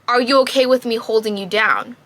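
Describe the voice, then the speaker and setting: A woman reading the lines of an earnest adult male romance lead, a little lower and softer than her own voice. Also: brisk, natural voice.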